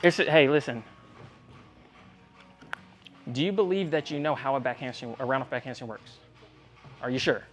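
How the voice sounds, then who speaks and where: A man's voice: medium pitch, normal speed, long pauses, a little hiss or hum. A man coaching a young athlete one-on-one in a gym, speaking directly and earnestly, often checking whether she believes him. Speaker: tumbling coach.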